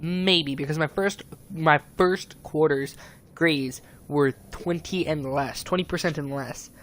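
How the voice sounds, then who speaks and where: A man's voice: on the high side, slow pace, fairly bright tone. A young man in his teens, rambling and upset as he vents on a stream, swearing a lot. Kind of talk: casual venting monologue.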